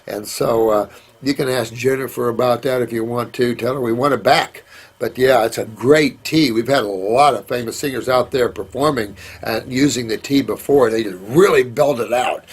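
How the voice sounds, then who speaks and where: A man's voice: medium pitch, normal speed, husky. A middle-aged man hosting a casual question-and-answer session, talking in a rambling, folksy way and calling viewers sweetheart and honey. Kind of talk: casual live Q&A.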